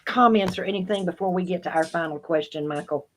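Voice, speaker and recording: A woman's voice: on the low side, fast talker, a little hiss or hum, poor audio. A woman hosting an interview show, speaking in a gracious and polite way to her guest. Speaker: show host.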